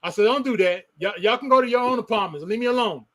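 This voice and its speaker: A high-pitched man spins a story in casual chat. He is animated, acts out sounds and bursts out loud at moments. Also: fast talker.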